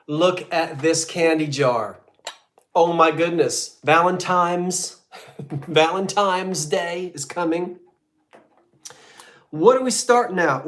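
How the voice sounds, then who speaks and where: A man hosting a live online sale, counting down bids and teasing regular buyers in casual chat. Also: sits high. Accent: American. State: coughing fits. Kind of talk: live auction selling chat.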